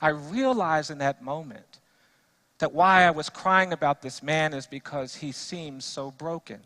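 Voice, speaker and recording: A man, a defense lawyer, giving an earnest storytelling speech to a church audience. He drops soft in sad passages and builds to emphatic repetition when he preaches. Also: on the high side, a little slow.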